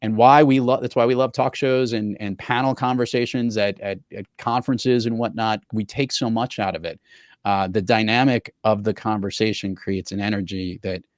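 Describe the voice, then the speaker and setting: Lively man hosting a podcast, dry sound. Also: lowish voice, normal speed, dry recording. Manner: lively anecdotal storyteller; professional speaker. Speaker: podcast host. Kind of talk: casual podcast chat.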